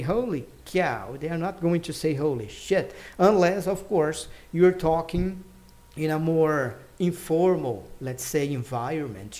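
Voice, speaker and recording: High-voiced man teaching English. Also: a little mellow. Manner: chatty, explains slowly, counts aloud. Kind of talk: casual online English lesson.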